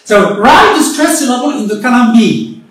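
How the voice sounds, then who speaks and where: A woman teacher giving a remote English lesson, explaining slowly and deliberately and repeating herself often. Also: on the high side, animated. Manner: slow, deliberate explaining with frequent repetition. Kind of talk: recorded remote classroom lesson. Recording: very echoey room, voice far from the mic.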